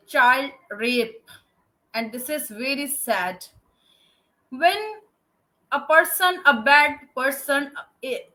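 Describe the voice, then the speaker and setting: Earnest high-voiced woman, slow delivery. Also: pushed and bright. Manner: earnest, pleading, with halting restarts. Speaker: guest. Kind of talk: speaking at an event.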